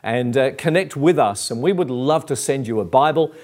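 A man's voice: mid-range voice, animated, moderate pace, darkish tone. A middle-aged Australian man preaching a sermon, earnest and personal, with fillers and repeated phrases. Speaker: pastor.

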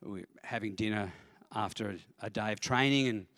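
A middle-aged man, a pastor telling lively, self-mocking stories in a sermon. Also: lowish voice, moderate pace, dry recording, clean studio sound. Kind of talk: storytelling sermon.

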